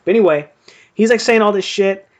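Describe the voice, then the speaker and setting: A young man with a slightly high voice tells a long story in a loose, rambling way. He fills his talk with "like" and swears often, keeping it casual. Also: a little fast. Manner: rambling, profane, lots of fillers. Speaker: boxing stream host. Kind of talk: casual storytelling during live fight commentary.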